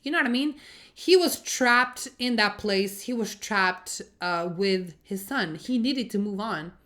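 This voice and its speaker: Bright-voiced chatty woman reviewer. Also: mid-range voice, unhurried. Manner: chatty and expressive, swears freely, drops in exclamations; rambling, thinks out loud with restarts. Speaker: TV series reviewer. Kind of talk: casual spoken review vlog.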